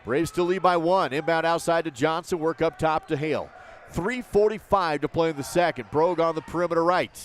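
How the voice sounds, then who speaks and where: A man calling basketball play by play in short, rapid bursts. His voice sits a little high, and it lifts when a shot misses. Faint noise hums underneath. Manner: rapid, clipped calls that rise on misses. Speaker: play-by-play announcer.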